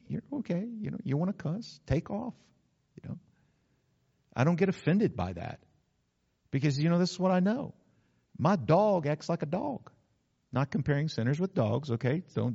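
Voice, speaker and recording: A man, a pastor, preaching a sermon in an earnest way, slowing down to stress key words. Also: a little high, creaky, darkish tone. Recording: slightly dull lo-fi sound.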